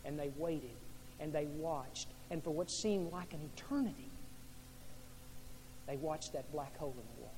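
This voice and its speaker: A male pastor preaching a sermon with dramatic storytelling, shifting from hushed tones to loud peaks. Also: on the high side, normal speed, pauses often, breathy edge. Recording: echoey hall with faint hum.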